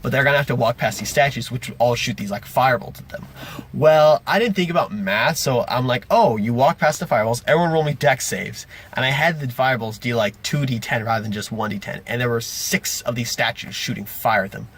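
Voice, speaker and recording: This game master's recap vlog is casual and meandering, full of self-corrections and animated retellings of the tabletop session. He has a mid-range male voice with a breathy edge and a brisk delivery.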